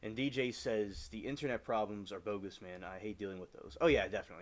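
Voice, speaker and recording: Man, lowish voice, casual gaming livestream, rambling, chatty, halting restarts, home desk mic. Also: fairly even intonation. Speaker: live streamer.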